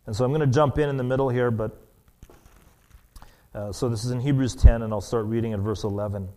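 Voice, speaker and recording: A man preaching a sermon as pastor, earnest and halting, often restarting his words. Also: mid-range voice, mellow.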